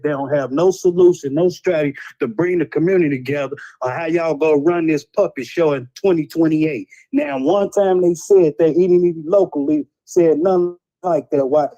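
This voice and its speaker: Blunt streetwise man with dark, mellow tone. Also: fairly high pitch, dull audio. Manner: streetwise storytelling, blunt and preachy. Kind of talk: casual talk show chat.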